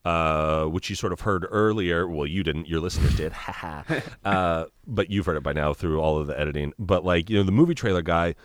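Male podcast guest, very low voice, rambling and jokey, dry call audio. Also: brisk, no echo. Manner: rambling, lots of fillers, jokey. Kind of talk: casual chat. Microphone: video call.

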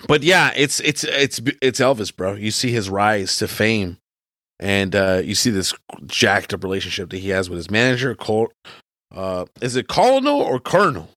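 A man's voice: fairly low pitch, moderate pace, sharp tone, no room sound, studio quality. A young man as a podcast guest, chatting casually and enthusiastically, full of slang. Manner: slangy, enthusiastic, says bro a lot. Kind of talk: casual chat.

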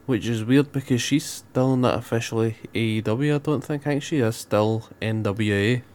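A man's voice: mid-range voice, moderate pace, a little mellow. A man with a Scottish accent co-hosting a casual wrestling podcast, giving dry, wry asides. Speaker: podcast co-host. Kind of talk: casual wrestling recap chat.

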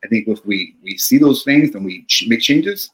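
A middle-aged man, a therapist, talking calmly and reflectively in a podcast conversation, often checking in with "right?". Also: mid-range voice, moderate pace, low-quality recording. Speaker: therapist guest.

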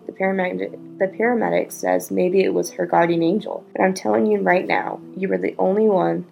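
Heavily gravelly woman reading a story. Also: on the low side, fairly even intonation, a little fast, few pauses, rough recording. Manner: breaks off to react in hushed asides. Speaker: podcast host. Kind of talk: reading listener stories aloud.

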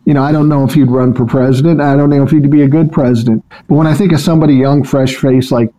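An older Minnesota man appears as a podcast guest, chatting casually in a calm, measured, low-key manner. The audio quality is poor.

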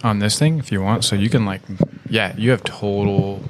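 A man's voice: lowish voice, normal speed, noisy background. A man hosting a podcast in casual chat, rambling and loose with lots of fillers. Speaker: podcast host.

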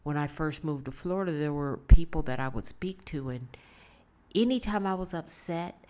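A woman's voice: sits low, lively intonation, normal speed, dark tone. A woman talking casually and earnestly to her viewers, giving life advice and repeating points for emphasis. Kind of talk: casual motivational talk.

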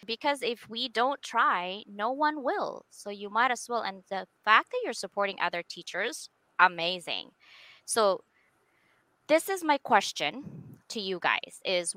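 Gushy forties lady host, bright voice, dry close sound, super emotional. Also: mid-range voice, no room sound. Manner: gushing, emotional, chatty. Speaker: podcast host. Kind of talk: casual chat.

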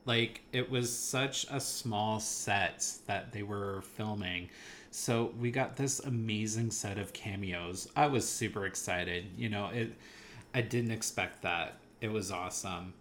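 A man's voice: lowish voice, unhurried, a bit bright, a little hiss or hum. A man chatting casually about a movie he saw, enthusiastic and rambling, laughing now and then. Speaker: movie podcast co-host. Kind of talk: casual movie review chat.

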